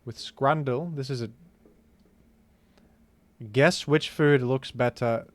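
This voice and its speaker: A man streaming a food guessing game, talking casually with animated, incredulous outbursts. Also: medium pitch, slow pace, no echo. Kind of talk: casual gaming commentary.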